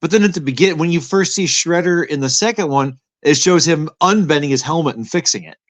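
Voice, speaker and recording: A man's voice: on the high side, expressive, fairly quick, no room sound. A man co-hosting a movie-review podcast, chatting casually in a dry, matter-of-fact, nitpicking way. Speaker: podcast co-host.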